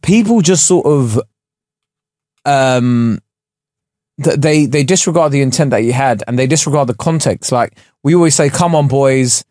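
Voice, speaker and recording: A man's voice: mid-range voice, normal speed, a little mellow, no room sound. A young man, co-hosting a podcast in a studio, joking around and rambling with stammered restarts. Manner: jokey, rambling, stammers and laughs. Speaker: podcast co-host. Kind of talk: casual chat.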